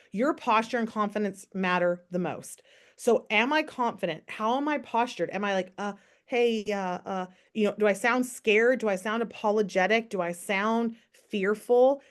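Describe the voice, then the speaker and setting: A woman giving a casual, upbeat sales training on a call, coaching listeners and often asking rhetorical questions. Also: medium pitch. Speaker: network marketing team trainer.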